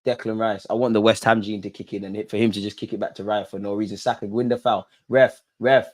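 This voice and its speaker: Young bloke hosting a live fan watch-along, excitable, yells at the ref, then mutters low. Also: male voice, fast, hardly any pauses. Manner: excitable, shouting at the referee, swinging between loud outbursts and low muttering. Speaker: fan channel host.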